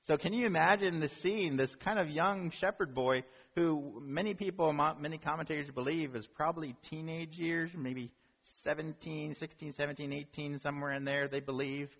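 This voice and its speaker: Husky preacher in an echoing hall. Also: male voice, fairly high pitch, normal speed, hardly any pauses. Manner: animated storytelling with rhetorical questions. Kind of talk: sermon. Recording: long hall reverb.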